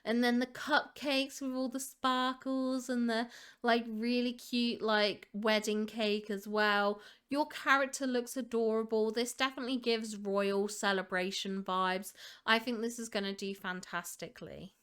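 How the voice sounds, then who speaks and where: A woman's voice: on the high side, fairly even intonation, a little slow, a bit bright, smooth. A woman hosting a gaming channel, gushing in casual commentary over fan screenshots with a lot of "like" fillers. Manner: gushing, enthusiastic, leans on filler "like".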